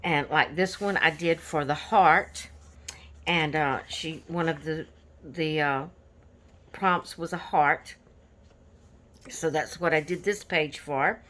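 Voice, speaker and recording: A woman's voice: low voice, slow pace, long pauses, a bit bright. A woman hosting a coloring channel, chatting casually about her finished pages in an easygoing, rambling way with lots of fillers.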